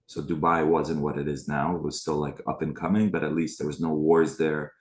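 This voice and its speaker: Man, 40s, from the Middle East, extremely deep voice, spiritual retreat host, casual storytelling, greets listeners by name. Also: little pitch movement, fairly quick. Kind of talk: personal storytelling to a live online group.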